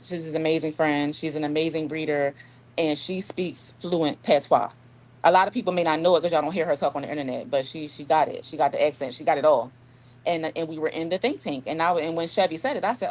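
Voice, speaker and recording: A woman author talking in a casual interview, telling stories in an animated way and acting out dialogue. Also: low-pitched, a little fast, poor audio. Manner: animated storyteller, acts out dialogue. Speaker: author guest.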